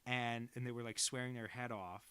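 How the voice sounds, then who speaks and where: A man's voice: medium pitch, steady tone, brisk, fairly bright tone, clear, resonant tone, no echo. A young adult man chatting casually and rambling, self-deprecating, while he draws on a stream. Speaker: cartoonist streaming. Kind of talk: casual chat while drawing.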